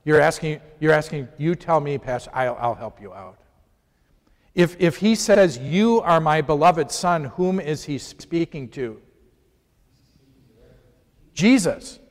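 Man, somewhat high voice, casual Bible class teacher quizzing his group, long hall reverb. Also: expressive, takes it slowly, pauses often. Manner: conversational, poses questions to the class. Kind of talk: informal Bible lesson.

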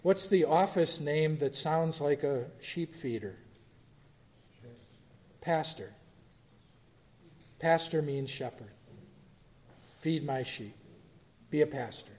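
A man's voice: a little high, slow, long pauses, darkish tone, big-room sound. A man teaching a Bible study, reading the scripture aloud and then putting questions to his listeners. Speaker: pastor.

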